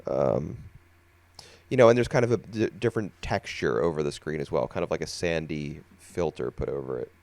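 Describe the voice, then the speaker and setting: Man, podcast co-host, yawny and relaxed, deep voice, dead-dry recording. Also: vocal fry, no room sound. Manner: thoughtful, unhurried, many fillers. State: sleepy, yawning. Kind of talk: casual podcast chat.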